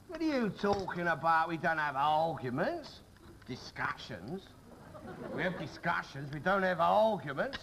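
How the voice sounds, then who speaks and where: A man's voice: a little high, big pitch swings, a little slow, full character voice. An actor playing a cantankerous, argumentative working-class father in a 1960s television sitcom. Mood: lecturing. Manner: blustering, argumentative, bursts into shouting. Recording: noisy old television recording.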